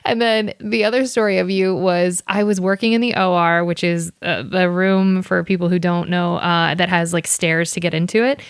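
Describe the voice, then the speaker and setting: A woman hosts a podcast in a smooth, lowish voice with a dry, close sound. She chats in an animated way and tells stories with ease. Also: normal speed, hardly any pauses, dry recording. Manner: chatty, laughs often, animated storytelling. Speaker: podcast host. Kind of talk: casual chat.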